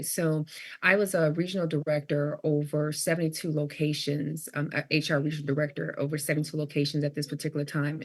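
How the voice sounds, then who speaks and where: A middle-aged woman, a leadership coach, telling a story as a podcast guest and acting out the dialogue with animation. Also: sits low. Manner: animated storyteller who acts out quoted dialogue.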